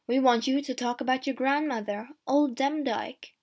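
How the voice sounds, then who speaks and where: A woman reading a slow, careful magistrate. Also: high-pitched, a little mellow. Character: calm middle-aged male magistrate, careful, kind.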